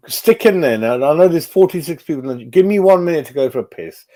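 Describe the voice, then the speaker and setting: A man's voice: a little high, quick pace. A man, hosting his own fan channel and reacting live to his chat, swearing a lot. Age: 40s. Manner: sweary, animated, talking to chat.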